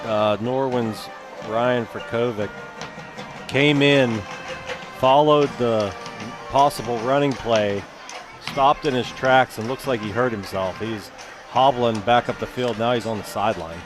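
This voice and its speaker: A man doing color commentary at a high school football game, breaking down plays in a relaxed, chatty way. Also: unhurried, over music. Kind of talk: sports commentary. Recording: crowd and outdoor noise behind.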